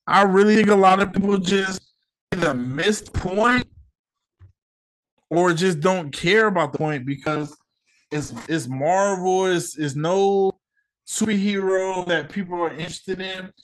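A man's voice: sits high, a little slow, a bit bright. A man hosting his own podcast, talking casually with lots of slang and swearing, giving heated opinions. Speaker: podcast host. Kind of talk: casual solo podcast rant.

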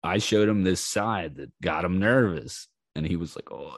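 A man hosting his own podcast, telling wild stories in a casual, animated way. He acts out the people in them with raised voices, swears freely and laughs as he goes. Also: sits low, normal speed, gravelly, hardly any pauses, no room sound, clean studio sound. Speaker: podcast host. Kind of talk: casual storytelling monologue.

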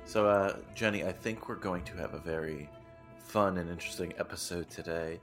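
A man's voice: low voice, moderate pace, fairly bright tone, soft background music. A man hosting a podcast, talking in a jokey, upbeat, casual way. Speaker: podcast host.

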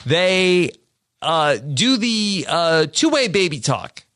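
Brief: podcast co-host, a man with a high, very lively voice, dry close sound, halting delivery. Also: no room sound. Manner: halting, restarts with many uh's, laughs easily. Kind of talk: casual podcast chat.

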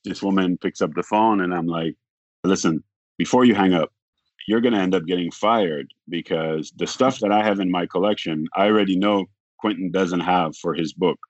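A man talking as a podcast guest, telling a long story in a rambling way, acting out the other people's lines and filling pauses with "like". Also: sits low, no room sound, dull audio. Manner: rambling, acts out quoted dialogue, frequent "like". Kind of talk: casual storytelling.

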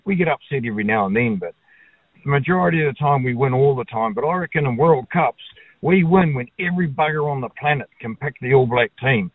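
A man's voice: medium pitch, no echo. A blokey New Zealand man rings in to talkback radio and gives his opinion bluntly, with casual swearing. His voice comes down a tinny, phone-like line and sounds dry, with no room around it. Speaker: caller.

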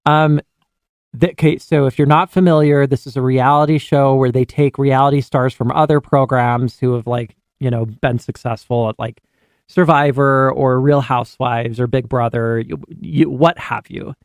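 Gravelly-voiced man chatting casually. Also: medium pitch, normal speed, no echo, clean studio sound. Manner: animated, chatty, many fillers and restarts. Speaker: podcast co-host. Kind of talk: casual chat.

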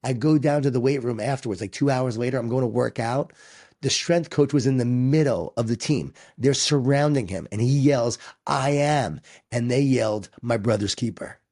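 A man's voice: mid-range voice, moderate pace, dark tone. A man guest speaker talking with energy, telling stories and making points with emphasis. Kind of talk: conversational storytelling.

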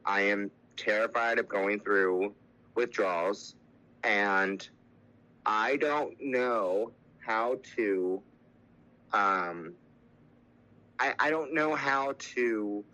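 Young man, lowish bright voice, candid and halting, telling his own recovery story. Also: lo-fi sound. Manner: candid, halting, with many fillers and restarts.

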